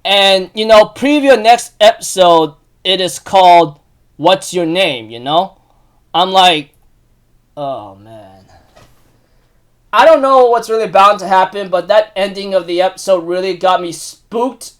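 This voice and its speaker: Excitable high-voiced man recapping anime. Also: measured pace. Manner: rambling, emotional, many fillers and restarts; bursts into loud excited outbursts. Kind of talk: casual spoken recap.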